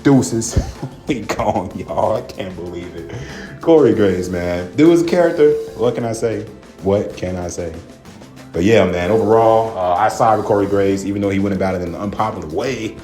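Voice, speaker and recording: A wrestling commentary vlogger rants casually and profanely, laughing often and tossing in "man," "bro," and "y'all." His voice is fairly low and a little mellow, at a moderate pace. The room is echoey, with faint music behind him.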